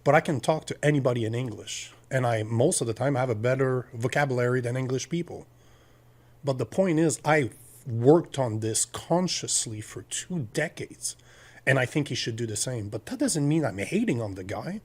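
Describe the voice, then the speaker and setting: A middle-aged French-speaking man with a clear French Canadian accent argues politics with heat and emphasis. His voice sits at an ordinary pitch for a man. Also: animated, moderate pace. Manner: emphatic, heated, argumentative. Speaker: podcast guest. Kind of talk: political talk.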